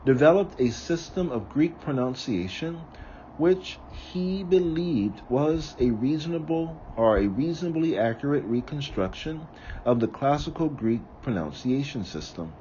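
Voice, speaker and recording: A man reading aloud from a book, slowly and carefully, sometimes correcting himself. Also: mid-range voice, lively intonation, warm tone, muffled recording, slight background noise. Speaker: reader of a book on ritual.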